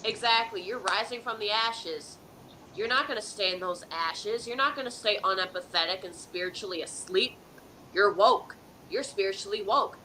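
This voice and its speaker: A woman's voice: medium pitch, sharp tone, a little hiss or hum, rough recording. A woman hosting a live psychic advice stream, talking in an emphatic, preachy way and often checking in with "okay?". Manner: dramatic countdowns and pep-talk repetition.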